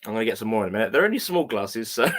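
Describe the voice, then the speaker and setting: A man's voice: fairly low pitch, big pitch swings, fast talker, a crowd in the background. A man chatting casually over drinks, chuckling and swearing freely.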